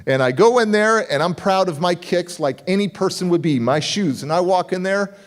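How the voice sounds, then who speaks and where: A middle-aged man giving a motivational speech and telling a story from his youth in an animated way, acting out the voices of the people in it. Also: high voice, moderate pace. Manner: animated, acts out voices in dialogue. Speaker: motivational speaker.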